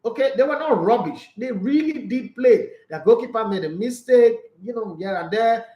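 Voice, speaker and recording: Outspoken high-voiced Nigerian man. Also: lively intonation, moderate pace, echoey room, muffled recording. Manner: outspoken, emphatic, opinionated. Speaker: sports talk show host. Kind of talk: casual sports commentary, reading viewer comments.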